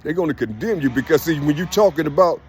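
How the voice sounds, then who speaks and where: A man's voice: fairly high pitch, animated, fast, darkish tone, slight background noise. A man giving a loose spiritual monologue, preachy and slangy, with "you see" in nearly every line.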